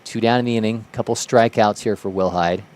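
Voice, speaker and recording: A man's voice: fairly low pitch, steady tone, a little fast, darkish tone. A man calling live play-by-play for a baseball broadcast, lifting his voice sharply on big plays. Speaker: play-by-play commentator.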